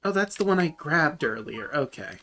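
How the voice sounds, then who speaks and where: A man's voice: on the high side, very animated, moderate pace, sharp tone, faint music behind. A man streaming a game, chatting casually and joking about what happens on screen. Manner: joking, reads game text aloud. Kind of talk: casual gameplay chat.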